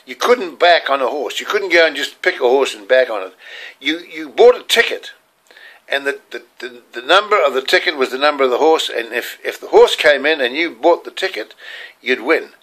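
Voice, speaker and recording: A man's voice: medium pitch, animated, normal speed, a bit bright. An older man with an Australian accent, telling rambling, earnest stories from his childhood. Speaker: storyteller. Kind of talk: personal childhood storytelling.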